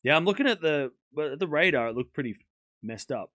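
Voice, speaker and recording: A man's voice: fairly high pitch, expressive, a little fast, a bit bright, no echo. Casual male tennis streamer, dry close sound. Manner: chatty, talks to chat, laughs often. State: sore throat. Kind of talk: casual live-stream chat.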